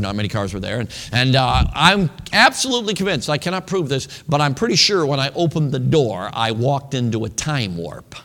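A man's voice: medium pitch, a bit bright. Male preacher, storytelling sermon, conversational, audience asides, reverberant hall. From northern United States. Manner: chatty, often checks in with the audience. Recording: long reverb of a large hall.

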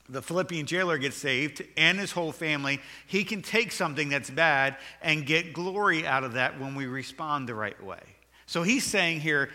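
A pastor preaching a sermon, earnest and building to emphatic, raised passages with repeated words. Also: male voice, medium pitch, pushed and bright. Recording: long hall reverb.

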